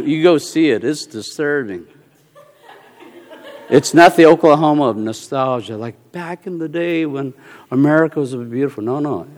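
A man preaching a sermon in an animated, storytelling way, repeating short phrases for emphasis and bursting into loud shouts. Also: mid-range voice. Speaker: pastor. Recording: long hall reverb.

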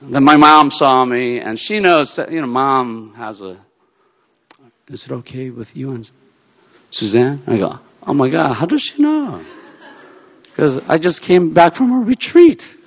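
A man preaching, telling a personal story in an animated way, swinging from shouts down to soft, quiet lines. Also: medium pitch, unhurried, long reverb tail. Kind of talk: sermon storytelling.

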